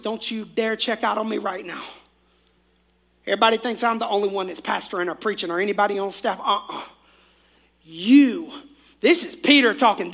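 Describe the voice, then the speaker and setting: High, bright-voiced fervent preacher man. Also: moderate pace, vocal fry. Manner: fervent, calls on the congregation to repeat after him. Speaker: pastor. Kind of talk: sermon.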